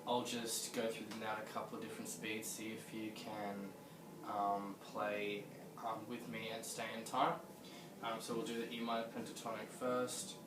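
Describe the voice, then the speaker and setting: A man's voice: fairly low pitch, flat delivery, moderate pace, noisy background. A man teaching a guitar lesson on video, patiently explaining scales and counting in the tempo. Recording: roomy echo, distant mic, guitar.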